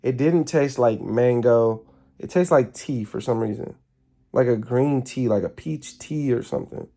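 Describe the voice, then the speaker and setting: A man telling a casual storytime on a live stream, rambling and animated as he talks straight to his viewers. He swears freely and sounds tired, with the odd yawn. His pitch sits right in the middle. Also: unhurried, vocal fry. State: tired, yawning.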